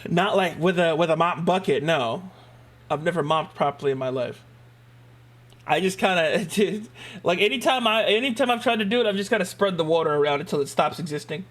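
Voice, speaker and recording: A man's voice: high-pitched, animated, a little fast, a bit bright. A young man hosting a live stream, chatting casually and joking with laughs and mock outbursts. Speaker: streamer host.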